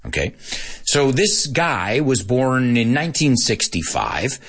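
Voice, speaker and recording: Male podcast teacher, husky, very animated pitch, laughs a lot. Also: slow. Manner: animated, sings snippets and switches into Spanish; laughs often. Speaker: English teacher podcast host. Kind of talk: casual podcast lesson.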